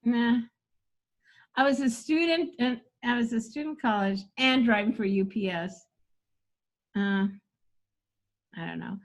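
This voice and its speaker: A woman's voice: on the high side, measured pace, long pauses. A older woman coaching comedy in casual chat, reading jokes aloud and laughing often.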